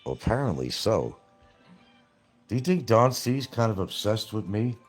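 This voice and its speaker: Deep, husky man ranting on a livestream. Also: big pitch swings, moderate pace, faint music behind. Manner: confrontational, mocking, repeats points, swears. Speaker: livestream show host.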